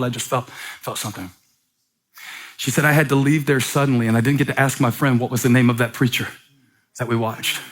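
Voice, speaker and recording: A man preaches to a church from the stage with a middle-pitched voice. He reads a letter aloud, stretching the pauses and building through repetition. His delivery stays steady and earnest as he carries the sermon. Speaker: pastor. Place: church sanctuary.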